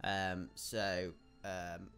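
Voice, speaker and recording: Gamer guy, croaky and bunged up, bright and animated, rambling commentary over faint game music. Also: low voice, very slow. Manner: rambling, thinking aloud with frequent restarts. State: congested and croaky. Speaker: gaming YouTuber. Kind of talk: gameplay commentary.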